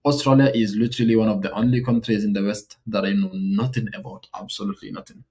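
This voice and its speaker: A man's voice: lowish voice, fast. A man from Africa hosting a reaction video, chatting casually and asking questions aloud. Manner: relaxed, conversational, asks questions aloud. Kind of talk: casual commentary.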